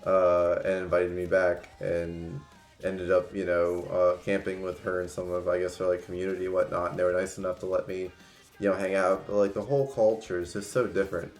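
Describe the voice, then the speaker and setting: A man's voice: sits low, flat delivery, a little fast, darkish tone, echoey room, faint music behind. A man in his twenties telling rambling stories on a casual livestream, full of fillers and restarts. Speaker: streamer.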